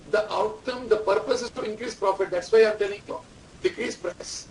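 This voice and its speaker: Speaking briskly in a high voice, a male management lecturer repeats key terms, quizzes his students, and dictates instructions. The classroom recording uses a distant mic with faint room noise behind it.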